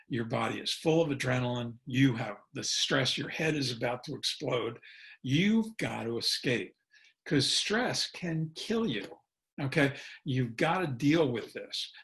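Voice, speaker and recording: A middle-aged man leads a webinar, his voice gravelly and pitched in an ordinary male range. He talks in a folksy, chuckling way and often acts out the lines he suggests saying on the phone. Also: fairly bright tone. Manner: folksy, chuckling, peppers talk with "okay?"; acts out sample phone dialogue. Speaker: consultant and educator presenting. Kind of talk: webinar presentation.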